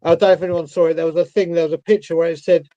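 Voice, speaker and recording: Animated man telling stories on a call. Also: a little high, rapid-fire, no room sound, dull audio. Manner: animated storyteller, laughs along. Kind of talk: casual live stream chat.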